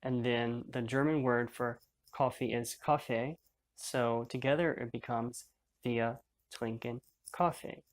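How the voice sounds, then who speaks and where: A man's voice: medium pitch, steady tone, takes it slowly. A man teaching a beginner language lesson, explaining each step patiently and in order.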